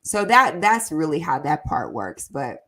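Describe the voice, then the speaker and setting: A woman on a relaxed live stream, talking money with her viewers in a chatty, warm way. Her voice sits fairly low, but it has a bright, forceful edge. She leans on fillers and makes sudden leaps upward in pitch when she gets excited. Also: a little slow. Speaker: personal finance livestream host. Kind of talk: casual live-stream chat, reading viewer comments aloud.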